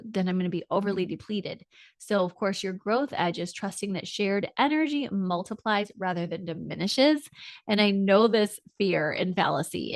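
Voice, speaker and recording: A woman's voice: mid-range voice, no echo. A woman marriage coach talking listeners through a solo podcast lesson in an earnest, encouraging way, speaking to them directly.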